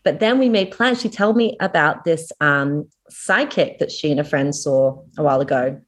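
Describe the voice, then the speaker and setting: Young aussie woman on a chat podcast, voice on the low side, tells stories lively and does all the quotes. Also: normal speed. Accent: Australian. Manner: animated storyteller acting out quotes. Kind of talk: casual chat.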